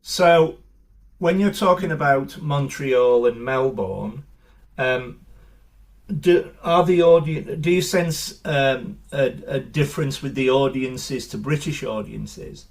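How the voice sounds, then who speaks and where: A man's voice: medium pitch, takes it slowly. A man hosting a podcast interview, asking long questions with fillers and plenty of enthusiasm. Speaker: podcast host. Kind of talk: casual interview chat.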